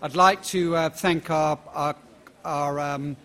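A man's voice: a little high, fairly even intonation, takes it slowly, fairly bright tone. A man moderating a debate, closing with hesitant thanks full of fillers.

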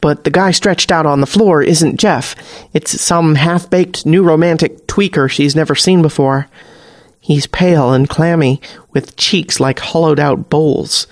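A man narrating a short story in a steady, wry storytelling voice. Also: a little high, a little slow, no room sound, studio quality. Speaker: story reader. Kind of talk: scripted narration.

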